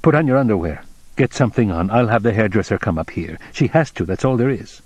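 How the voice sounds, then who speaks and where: A man's voice: fairly low pitch, lively intonation, fast, darkish tone, husky, no echo. A man reading an audiobook voices a tense, desperate man who speaks urgently and pleadingly.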